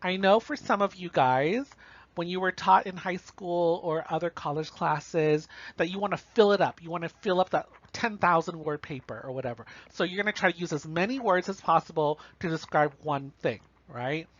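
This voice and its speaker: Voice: mid-range voice, moderate pace, dry recording. Casual college instructor, dull dry recording. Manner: casual, talks through examples with frequent "right?" and "you know". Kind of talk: recorded online lecture on writing.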